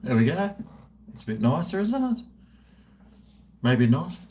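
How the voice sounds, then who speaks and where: Man in his fifties, middle pitch, rambling chatty livestream talk, faint background noise. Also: lively intonation, moderate pace, dark tone. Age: 50s. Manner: chatty, self-mocking, talks to himself while drinking. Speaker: livestream host. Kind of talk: casual rambling livestream chat. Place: at home indoors.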